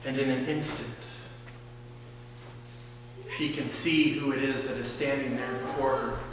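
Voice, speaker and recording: A man preaching a sermon as pastor, slowly retelling a scripture story and often repeating words. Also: medium pitch, steady tone, background noise. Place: church sanctuary. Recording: echoey church hall from a distance.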